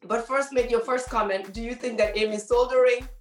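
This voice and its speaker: Lively woman hosting a chat show. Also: on the high side, fairly quick, echoey room, soft background music. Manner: teasing, lively. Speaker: show host. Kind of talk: casual chat.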